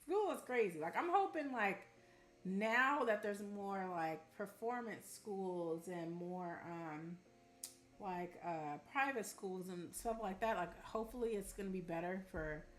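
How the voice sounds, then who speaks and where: A young woman from Arizona chatting casually with her live-stream audience, telling animated stories and calling them y'all. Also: medium pitch, unhurried. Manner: chatty, animated storytelling, addresses chat as y'all. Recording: roomy room with faint music.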